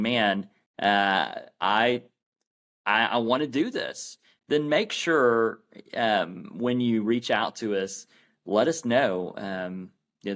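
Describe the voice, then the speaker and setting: A man as a podcast guest, explaining earnestly and often restarting his sentences. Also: medium pitch. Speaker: guest, anti-abortion campaign founder. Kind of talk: podcast interview.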